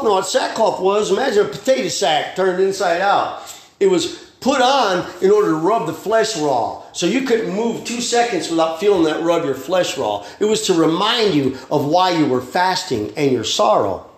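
A pastor preaches in a high voice, folksy and plainspoken, with slang and quick asides. The sound rings in an echoey church room. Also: male voice. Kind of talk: sermon.

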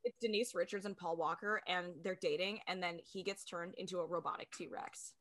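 A woman co-hosting a podcast, recapping an episode in casual chat; she is energetic, swears casually and fills pauses with ums. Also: fairly low pitch. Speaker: podcast co-host.

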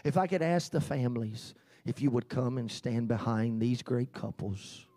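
A man's voice: mid-range voice, mellow. Solemn male pastor leading a dedication. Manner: solemn, measured, with emphatic rises on pledges. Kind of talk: church child dedication sermon. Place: church sanctuary.

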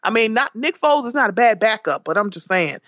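A woman guest on a podcast, chatting casually, animated and profane, often laughing. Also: on the high side, fast, no echo, clean studio sound. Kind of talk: casual chat.

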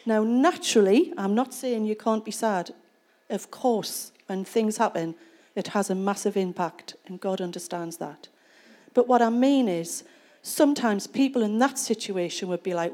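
A woman's voice: medium pitch, moderate pace, a little mellow. A woman preaching a sermon in church, retelling a scripture passage and explaining it in a conversational way. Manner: conversational storytelling, reads scripture then explains it.

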